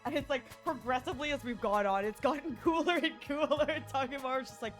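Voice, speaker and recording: A woman streamer chatting casually over her gameplay, giggly and animated, often slipping into silly voices. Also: sits high, fast, soft background music.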